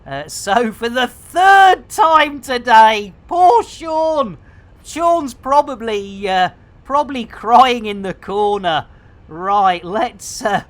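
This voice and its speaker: A man's voice: sits high, fairly bright tone. A man giving playful, theatrical commentary on a live game stream. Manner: jokey, theatrical, lots of pet phrases.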